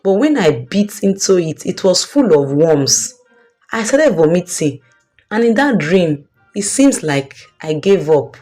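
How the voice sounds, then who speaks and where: A woman's voice: on the low side, big pitch swings, measured pace, warm tone, faint music behind. A woman doing a gushing, trusting young birthday girl.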